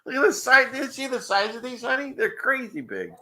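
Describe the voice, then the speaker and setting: A man's voice: very high voice, sing-song, fairly quick, bright, forceful tone. A man hosting a casual livestream show, rambling and chuckling often between loose asides. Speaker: show host.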